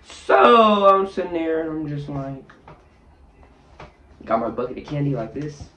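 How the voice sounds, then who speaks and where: A man with a slightly high voice tells a wild story as a vlogger. He acts out every scene with sound effects and quick voice changes. He sits in his bathroom as he talks. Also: a little mellow. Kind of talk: animated storytelling. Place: bathroom, sitting on the toilet.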